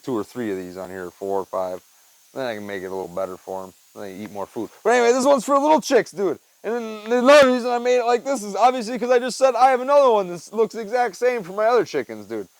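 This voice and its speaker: A man's voice: medium pitch, no echo, poor audio. Laid-back rambling young man. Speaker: vlogger. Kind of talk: casual chat while working. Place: backyard with chicken coop and tool bench. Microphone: wearable mic.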